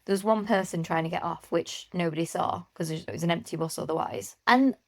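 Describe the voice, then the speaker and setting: A woman's voice: on the low side, brisk, creaky, no room sound, clean studio sound. A woman co-hosting a podcast, telling stories in casual chat and laughing often. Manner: chatty storyteller, laughs often. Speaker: podcast co-host.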